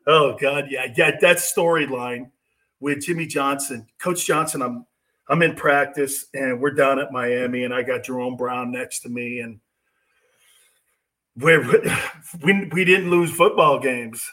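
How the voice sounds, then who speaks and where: A man's voice: medium pitch, a little slow, sharp tone. A man hosting a sports talk show, chummy and laughing as he tells stories with his guest. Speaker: host, former player.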